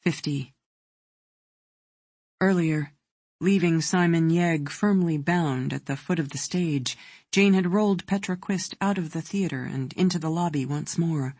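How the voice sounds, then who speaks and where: An audiobook narrator reading a thriller in a measured, even way. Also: medium pitch, dry recording.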